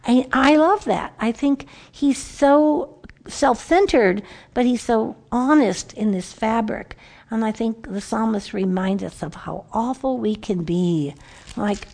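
A woman giving a conversational Bible teaching to a group of women, animated and storytelling, often restarting her sentences. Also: fairly high pitch, measured pace. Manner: lively, animated storytelling with frequent self-corrections.

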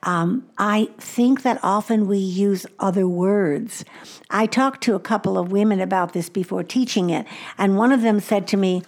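Expressive woman Bible teacher in a studio. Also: mid-range voice, measured pace. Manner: expressive, swings between emphatic exclamations and soft, hushed asides.

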